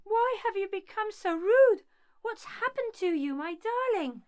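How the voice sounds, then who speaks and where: A woman's voice: extremely high pitch, expressive, a little slow, darkish tone. A woman playing Hermia, a bewildered, heartbroken young woman who pleads with her lover, in an amateur stage-play reading. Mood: distraught. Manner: pleading, distraught.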